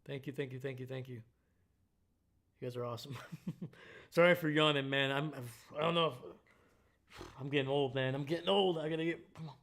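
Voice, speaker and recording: A young man hosts a relaxed live stream, talking over a football game in a loose, chatty way. His voice is bright and forward, and he tacks "man" onto almost every sentence. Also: a little high, fast. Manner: relaxed, says "man" after most lines. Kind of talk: casual live-stream commentary.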